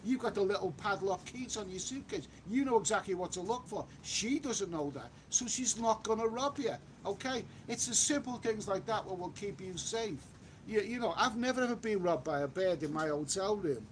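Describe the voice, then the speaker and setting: A man's voice: high voice, expressive, normal speed, a little hiss or hum. A man chatting casually on a live stream while out walking, reading viewer comments aloud and repeating himself. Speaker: travel vlogger reading live chat. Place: outdoors on a walk.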